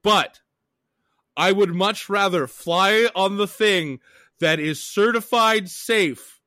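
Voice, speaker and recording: A man's voice: high-pitched, slow pace, bright, forceful tone, no room sound, studio quality. A man from Canada co-hosting a podcast, telling a travel story in a profane, ranting way. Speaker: podcast co-host. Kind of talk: casual chat.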